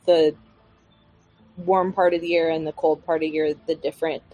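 A woman's voice: low voice, level tone, moderate pace, warm tone, soft background music, low-quality recording. A woman player in a tabletop game, talking in an easygoing, chatty way. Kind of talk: casual tabletop play.

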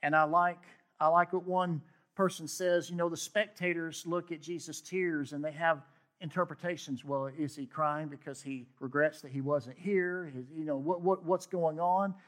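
A man's voice: fairly high pitch, fairly even intonation, moderate pace, a bit bright. A man preaching a sermon, reading scripture aloud with emphatic asides. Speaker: pastor.

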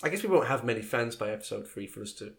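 A man's voice: medium pitch, expressive, quick pace, gravelly. A young man from England with a nasal voice, hosting a casual comedic podcast and laughing as he jokes. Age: young adult. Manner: playful, laughing, bouncing into silly voices. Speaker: podcast host.

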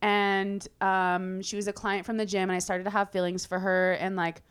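A woman's voice: medium pitch, flat delivery, moderate pace, clear, resonant tone, close to an everyday voice. A woman imitating her ex-boyfriend as a sheepish young man who stammers and dodges, in a casual podcast chat. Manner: stammering, evasive.

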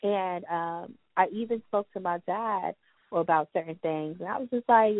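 A woman with a somewhat low voice hosts a relaxed conversation and keeps backing up her guest. The audio is narrow and phone-like. It is dry and close. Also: normal speed. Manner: affirming, echoes agreement. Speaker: podcast host. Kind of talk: casual chat. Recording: tinny phone-like sound, dry.

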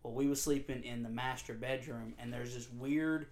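Animated storytelling man, mid pitch. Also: normal speed. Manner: animated, laughs often, slangy. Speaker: podcast co-host. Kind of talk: casual chat, storytelling.

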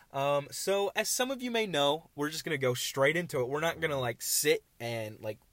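A man's voice: medium pitch, a bit bright, no echo. A tired young man hosting a casual solo podcast, rambling and self-deprecating, easily distracted, talking outdoors. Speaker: podcast host.

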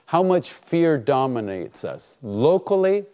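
Man, preacher, sermon storytelling, lively pitch, mellow tone. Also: takes it slowly. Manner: animated storytelling, acts out dialogue.

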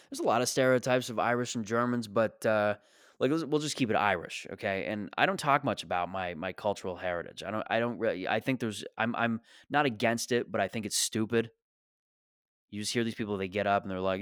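A young man with a lowish voice rants through a comedy bit. He sounds exasperated, swears freely and pokes fun at himself. The sound is dry and close, with no room around it. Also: fairly quick, a bit bright, clear, resonant tone, no echo. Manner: exasperated ranting, profane, self-deprecating. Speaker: stand-up comedian. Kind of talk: stand-up rant.

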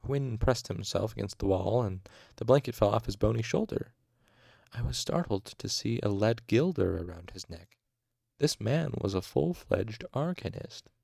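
A man reading a novel aloud in the first person at a steady, measured pace. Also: fairly low pitch, gravelly, slightly rough, dry recording, clean studio sound. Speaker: audiobook reader.

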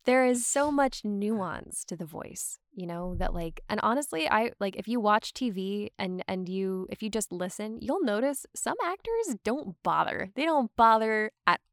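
Medium-pitched with lively intonation, she talks at a measured pace with few pauses, in a dry, studio-quality recording. A young adult woman and voice actor from Georgia, USA, she guests on a casual podcast, chatting in a rambling way with lots of "like" and frequent laughs.

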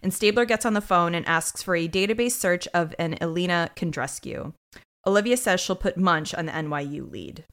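A woman's voice: on the low side, fairly quick. A woman co-hosting a podcast, recapping an episode in casual chat with snark and free swearing. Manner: animated, snarky, swears freely. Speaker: podcast co-host.

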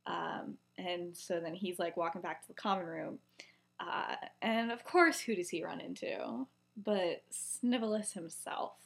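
A woman's voice: on the low side, unhurried, creaky. Chatty woman retelling a story. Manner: chatty, filler-heavy, rising to animated excitement. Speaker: podcast co-host.

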